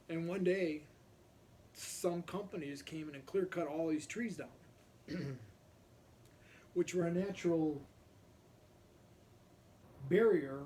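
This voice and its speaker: A man recounts old neighborhood tales in a loose, rambling storytelling style, his voice sitting a little high for a man. He keeps stopping to clear his throat between thoughts. A faint hiss of noise sits under the recording. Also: darkish tone. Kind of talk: casual anecdotal storytelling.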